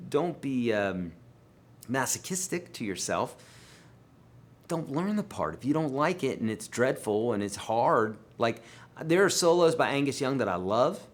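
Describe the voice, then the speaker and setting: A man of ordinary pitch takes viewer questions on a live guitar stream. He talks casually and emphatically, pushing some lines out loud and dropping others low. He calls his viewers friends and folks. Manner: animated and emphatic, with sudden swings in loudness and pitch. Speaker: guitar teacher hosting a live Q&A.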